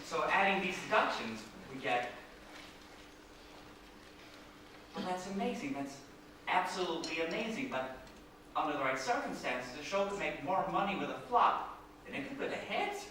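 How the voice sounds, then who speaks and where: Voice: medium pitch, animated, fairly quick, a bit bright, lightly acted. Someone doing a jittery stammering accountant on stage. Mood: thoughtful. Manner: jittery, stammering, prone to hysterics. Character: timid nervous young male accountant. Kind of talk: stage musical comedy acting. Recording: echoey stage sound from far off, faint noise.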